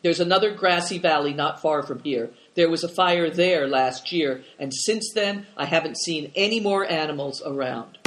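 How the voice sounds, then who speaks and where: Storybook: man reading as a gruff old hermit, blunt and modest. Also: on the high side, normal speed, few pauses, a bit bright, slight background noise, lightly acted.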